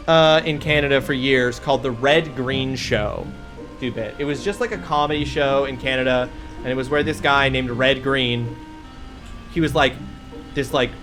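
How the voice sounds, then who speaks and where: Young male streamer, slightly high voice, crude rambling banter with chat. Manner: joking banter with chat, swearing, rambling asides. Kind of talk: casual live-stream chat while gaming. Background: game music.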